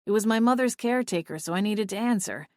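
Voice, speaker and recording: A woman narrating a story in the first person, expressive and lively, reading from a script. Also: mid-range voice, fast, no echo, clean studio sound. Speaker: audiobook narrator.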